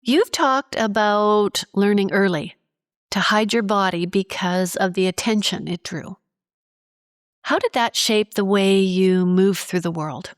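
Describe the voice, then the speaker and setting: A woman hosting a podcast, reading reflective narration and asking measured questions. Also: medium pitch, no room sound, clean studio sound. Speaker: podcast host.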